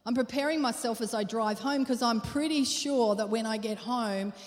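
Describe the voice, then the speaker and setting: A woman's voice: fairly high pitch, normal speed. A woman preaching a sermon in an earnest, questioning way, repeating phrases for emphasis. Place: church hall. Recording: long hall reverb.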